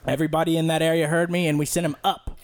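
A young man on a podcast casually telling a rambling, profane story and loudly acting out the people in it. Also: a little high, level tone, very fast. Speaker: podcast co-host.

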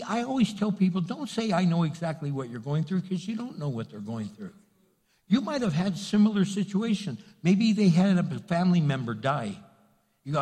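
Husky-voiced man preaching in a reverberant hall. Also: on the high side, dark tone. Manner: earnest, repetitive preaching, speaks directly to the congregation. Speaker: pastor. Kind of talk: sermon.

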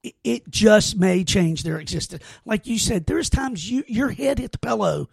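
A man's voice: sits high, animated, moderate pace, vocal fry, breathy edge, no room sound, clean studio sound. A man hosting a podcast, telling stories in a casual, earnest way with many false starts and restarts. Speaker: podcast host. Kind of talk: casual heartfelt conversation.

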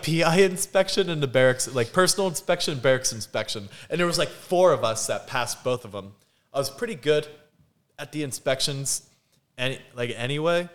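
A man, a podcast guest, telling a personal story in casual chat, acting out what people said and laughing often. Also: medium pitch. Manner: animated, acts out quotes, laughs often.

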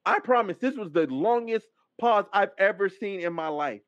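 High-voiced man ranting with profane gusto. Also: normal speed, no echo. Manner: animated, profane, acts out quoted dialogue. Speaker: podcast host. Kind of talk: casual storytelling rant. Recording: dull, dry lo-fi mic sound.

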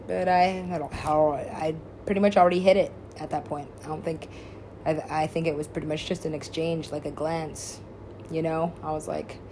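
A woman with a slightly low voice tells a meandering story from her own life. She rambles, swears freely and laughs often, in loose, casual talk. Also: steady tone, normal speed, a little mellow, a little hiss or hum. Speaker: musician and DJ.

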